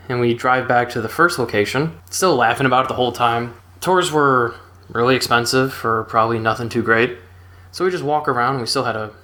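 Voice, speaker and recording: A man's voice: medium pitch, fairly bright tone. A young man casually retelling a funny personal story in a laid-back, rambling way, chuckling now and then.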